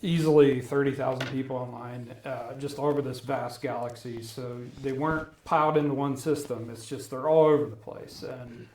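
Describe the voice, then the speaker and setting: Male co-host, laid-back explainer, middle pitch, echoey room, faint noise. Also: moderate pace, few pauses. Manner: relaxed, explanatory, laughs at his own stories. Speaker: podcast co-host. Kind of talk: casual chat.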